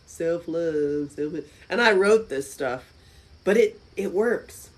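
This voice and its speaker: A woman hosting a live stream from a friend's house, chatting casually with viewers, with loud exclamations and soft asides. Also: lowish voice, expressive, takes it slowly, low-quality recording.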